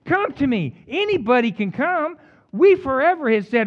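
A man preaching a sermon as pastor, jumping between loud emphatic peaks and quiet, joking asides to the congregation. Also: very high-pitched, wildly swooping pitch, normal speed, highs cut off. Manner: humorous, teasing the congregation.

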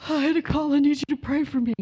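A woman's voice: high voice, fairly even intonation, fast, dark tone, lo-fi sound, pitched above the performer's own voice, natural voice. A woman voicing a frightened young male college football player who urgently begs for prayer. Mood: scared. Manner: urgent, pleading.

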